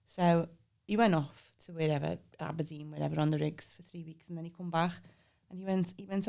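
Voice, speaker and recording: A woman's voice: low voice, fairly even intonation, fairly quick, vocal fry, dark tone. A woman, co-hosting a podcast and telling stories in a chatty way, laughing often. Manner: chatty, laughs a lot, acts out quoted voices. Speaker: podcast co-host. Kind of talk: casual chat, storytelling.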